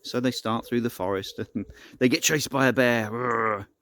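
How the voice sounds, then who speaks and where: A man spinning an improvised tale out loud, casual and rambling, often circling back to restart a sentence. His voice sits at an ordinary middle pitch. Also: fairly even intonation, a little slow, slight background noise. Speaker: storyteller. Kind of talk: improvised spoken storytelling.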